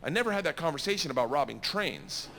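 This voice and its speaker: A middle-aged man telling a story in stand-up, loud and animated, laughing at his own asides. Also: a little high, quick pace, gravelly, long reverb tail, slight background noise. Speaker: stand-up comedian. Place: stage.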